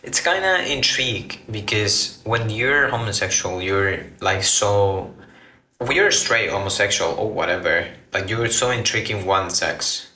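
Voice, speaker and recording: Slow, bright-voiced man in an echoey room. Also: lowish voice, expressive. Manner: rambling, restarts phrases, reacts to comments. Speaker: livestreamer. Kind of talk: casual live chat with viewers.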